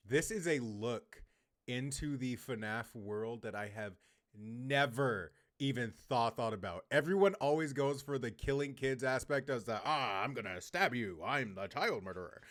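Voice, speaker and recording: A man reacting to a video in casual commentary, swearing often and yelling back at the screen. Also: mid-range voice.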